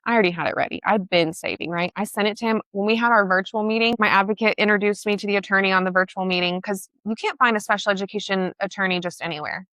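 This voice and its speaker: A woman tells her story with blunt, emotional emphasis and the odd swear word. Her voice is bright and forceful. The sound is close and dry, with no room in it. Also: medium pitch, steady tone, quick pace, hardly any pauses, no room sound. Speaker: guest. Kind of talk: personal storytelling in conversation.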